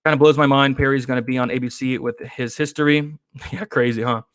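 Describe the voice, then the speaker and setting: A man hosting an MMA betting stream in a relaxed, chatty way, giving picks and answering viewer comments. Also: mid-range voice, fairly quick, no echo. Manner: relaxed, chatty, with frequent fillers and laughs. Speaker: host of an MMA betting show. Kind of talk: casual live-stream chat reading viewer comments.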